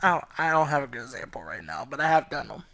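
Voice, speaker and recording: A man's voice: mid-range voice, sing-song, quick pace, creaky, bright, forceful tone. A Southern man giving casual, rambling let's play commentary, swearing and laughing freely. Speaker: gaming YouTuber.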